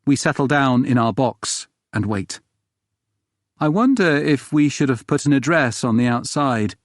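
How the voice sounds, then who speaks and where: A man narrating a science fiction story in the first person in a measured, even way. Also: medium pitch, no echo, clean studio sound. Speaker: audiobook narrator.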